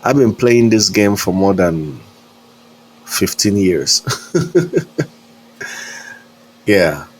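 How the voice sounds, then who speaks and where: A man's voice: fairly low pitch, big pitch swings, drawn-out words, long pauses, a little hiss or hum. A man streaming a flight simulator, chatting casually in a rambling, hesitant way and chuckling often. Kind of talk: casual live-stream chat.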